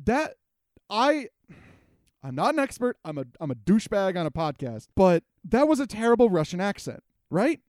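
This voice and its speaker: A young adult man co-hosting a podcast, joking and animated, swearing freely in casual chat. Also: high-pitched, moderate pace. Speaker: podcast co-host.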